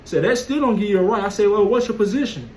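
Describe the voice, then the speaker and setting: A man's voice: sits high, lively intonation, fast, a little mellow, a little hiss or hum, low-quality recording. A man telling a casual, profane story in a blunt, streetwise way. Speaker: vlogger. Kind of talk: casual monologue.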